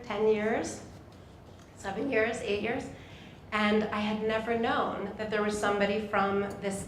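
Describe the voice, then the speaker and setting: Emotional middle-aged woman telling a story. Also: mid-range voice. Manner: emotional, animated, acts out voices in her story. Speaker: moderator. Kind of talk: personal storytelling to an audience. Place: synagogue hall. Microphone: microphone in a hall. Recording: echoey hall with faint noise.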